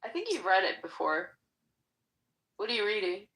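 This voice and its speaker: A chatty woman talks casually and giggles, scattering "like" through her sentences. Her voice is bright and a little sharp, at an ordinary pitch. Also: big pitch swings, normal speed, poor audio. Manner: chatty, giggly, with many "like" fillers. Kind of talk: casual chat.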